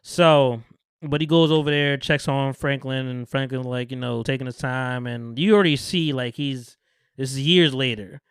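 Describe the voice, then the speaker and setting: Man, podcast host, smooth clear voice, dry close sound, animated storyteller, swears freely. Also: mid-range voice, normal speed, no room sound. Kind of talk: casual chat, retelling a TV episode.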